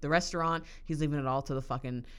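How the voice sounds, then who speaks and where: A woman co-hosts a podcast with a notably low voice. She talks in an animated, profane, casual way and laughs often. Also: fast talker, smooth. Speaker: podcast co-host. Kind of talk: casual chat.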